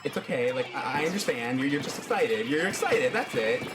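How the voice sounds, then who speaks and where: A man's voice: mid-range voice, animated, a little fast, noisy background, lightly acted. A man voicing a nervous young male squid hero who stammers when flustered.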